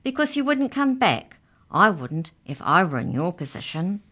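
A woman's voice: lowish voice, very animated, moderate pace, sharp tone, voice pushed up, exaggerated voice. A woman voicing a bossy young girl who talks in a snappy, impatient way.

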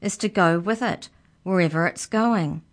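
A woman's voice: fairly low pitch, measured pace, pitched above the performer's own voice, close to an everyday voice. A woman voicing a bossy young girl who talks in a snappy, impatient way.

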